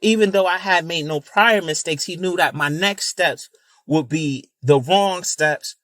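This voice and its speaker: A man's voice: a little high, a little slow, a bit bright, no room sound. A man telling a personal story in an emphatic, casual way, repeating words and using fillers like "you know.". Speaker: video creator.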